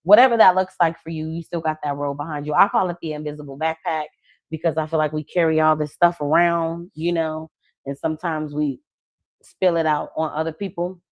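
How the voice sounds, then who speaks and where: A woman who is a love coach and podcast host, chatting casually, telling lively stories and acting out the people she quotes, with slangy talk. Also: deep voice, a little fast, dry recording, lo-fi sound. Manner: animated storytelling, acts out quoted people; slangy, conversational.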